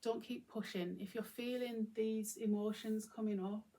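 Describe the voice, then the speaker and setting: A woman with a fairly high, mellow voice talks at normal speed with fairly even intonation. She hosts her own channel and speaks reflectively and informally to camera on her own, with plenty of fillers and restarts.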